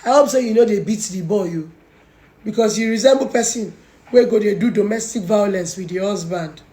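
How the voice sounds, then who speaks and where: A woman's voice: medium pitch, a little fast, warm tone, echoey room. A young woman with a Nigerian accent, mocking and scolding someone in a confrontational call-out video. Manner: mocking, scolding, Pidgin-heavy. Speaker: social media personality.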